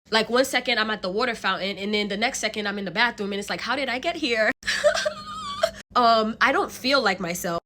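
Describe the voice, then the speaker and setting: A young woman telling a storytime vlog in an animated, slangy way, with swearing and laughter. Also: a little high. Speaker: vlogger.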